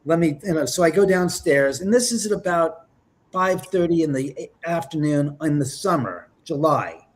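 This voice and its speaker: Animated higher-voiced man telling stories. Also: moderate pace. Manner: lively, acts out quotes with whispers and exclamations. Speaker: paranormal investigator guest. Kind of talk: animated storytelling in an interview.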